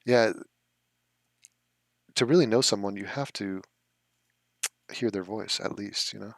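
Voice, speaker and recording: Low-pitched man, wry rambling streamer, dry close sound. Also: a little slow, creaky, no room sound. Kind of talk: casual chat.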